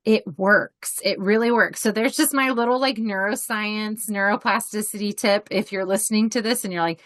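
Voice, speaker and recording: A woman co-hosting a podcast, talking in a candid, animated way and laughing often. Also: mid-range voice, normal speed, hardly any pauses, dry recording. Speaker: podcast co-host. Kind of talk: casual podcast conversation.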